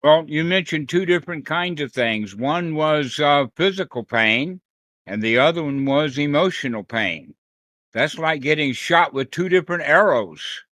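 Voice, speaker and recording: Guy teaching dharma on a group call, kinda high voice, real slow, jokey. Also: lively intonation, fairly bright tone, dry recording. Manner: playful, acts out little quoted voices. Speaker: meditation teacher. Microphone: video call.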